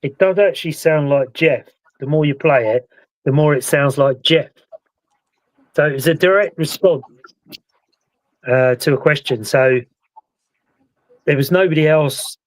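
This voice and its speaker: A man's voice: fairly high pitch, a little slow, pauses often, no echo, poor audio. Chatty British man, dry close sound. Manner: relaxed, chatty, recounts events at length. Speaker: paranormal investigator and show host. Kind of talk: casual live-stream chat.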